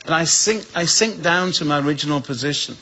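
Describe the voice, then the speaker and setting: Bright-voiced English man telling a story. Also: fairly high pitch, fairly quick, a little hiss or hum, low-quality recording. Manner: lively storyteller who acts out the voices in his tale. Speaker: guest speaker. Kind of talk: humorous personal storytelling.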